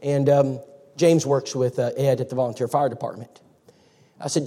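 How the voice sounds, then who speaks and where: A man's voice: mid-range voice, fairly even intonation, normal speed, dark tone. A man preaching a folksy, story-driven sermon. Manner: folksy storytelling, acts out quotes. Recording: reverberant church hall.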